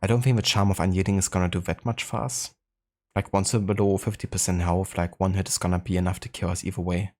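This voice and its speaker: A man's voice: low voice, level tone, quick pace, darkish tone. A man with a German accent chatting casually on a live game stream, greeting viewers in a laid-back way with frequent fillers.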